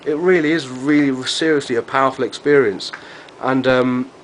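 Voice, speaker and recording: A man's voice: medium pitch, moderate pace, a little hiss or hum. A man chatting to camera in a rambling, effusive vlog, repeating himself as he goes. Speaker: vlogger. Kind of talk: casual chat to camera.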